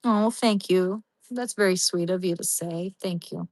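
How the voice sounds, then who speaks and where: A woman's voice: mid-range voice, measured pace, no echo, poor audio. Young woman livestream host, casual and rambling, talking to her chat. Dry, close sound. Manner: talks to chat viewers by name, rambling with many restarts.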